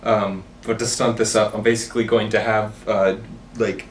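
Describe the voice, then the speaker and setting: A man's voice: on the low side, flat delivery, normal speed, slight background noise. A man playing a tabletop game, hesitant and searching for words as he talks. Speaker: player. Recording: echoey room, far mic.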